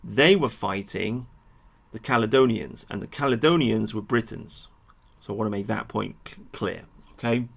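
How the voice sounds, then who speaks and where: A man giving an animated, sweary monologue to his viewers about history, with frequent asides. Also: lowish voice, moderate pace, creaky. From England. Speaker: history vlogger. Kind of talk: ranting monologue to camera.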